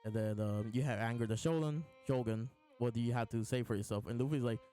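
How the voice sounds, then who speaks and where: A man with a mid-range, dark-toned voice hosts a casual live reaction to a comic chapter, talking fast. He reads lines aloud between laughs and restarts, with faint music in the background.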